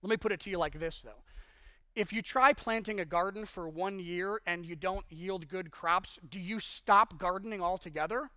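A young adult male pastor preaching a sermon in a conversational, animated way, full of casual asides. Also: high voice, normal speed, no room sound, studio quality.

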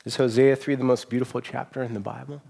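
A man's voice: mid-range voice, fairly even intonation, quick pace, gravelly, slightly rough. Earnest man preaching a sermon. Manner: earnest, emotional, with frequent restarts and soft trailing endings. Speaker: pastor.

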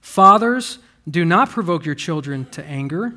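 High-voiced animated male preacher. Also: unhurried. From United States. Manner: animated preaching, swings from quiet to loud. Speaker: pastor. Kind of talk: sermon.

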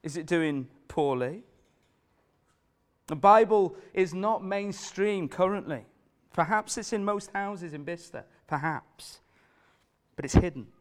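A man's voice: high-pitched, measured pace, pauses often. A man preaching a sermon, earnest and emphatic, putting repeated questions to the congregation.

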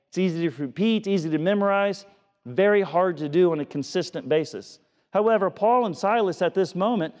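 A man's voice: on the high side, darkish tone. A middle-aged male preacher giving a conversational sermon, often repeating words and telling stories from his own life. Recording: long reverb of a church hall.

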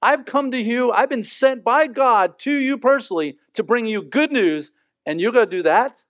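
A man voicing an indignant, booming male angel who scolds loudly. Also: big pitch swings, brisk. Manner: loud, exasperated, scolding. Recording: dull, dry recording.

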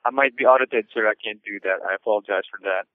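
A man's voice: fairly low pitch, fast talker, no room sound. A man working as a customer service agent, polite and formal, apologizing and saying sir often, heard over a phone line.

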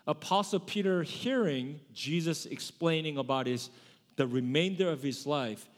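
A man's voice: on the high side, measured pace, long reverb tail. A male pastor giving a sermon in a conversational way, often correcting himself mid-sentence. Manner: conversational preaching with self-corrections.

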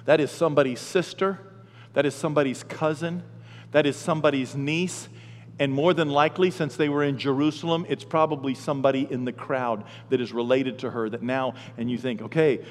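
A male pastor preaching a sermon in a folksy, animated storytelling way. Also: mid-range voice, a little hiss or hum. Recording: long hall reverb.

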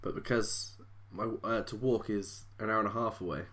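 A woman's voice: very deep voice, steady tone, moderate pace, a bit bright. A tired young woman co-hosting a podcast, chatting casually in a dry, rambling, self-mocking way. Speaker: podcast co-host. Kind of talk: casual chat.

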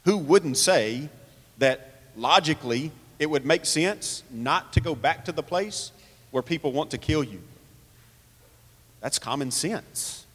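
A man's voice: fairly high pitch, lively intonation, slow pace, fairly bright tone, big-room sound. A man preaching a sermon, earnest, asking rhetorical questions and reading scripture aloud. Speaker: pastor.

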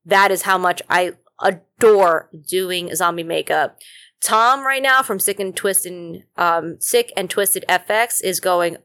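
Feeling unwell, a woman hosting a podcast chats casually and rambles, using many fillers. She speaks at a measured pace with a medium pitch and a sharp tone.

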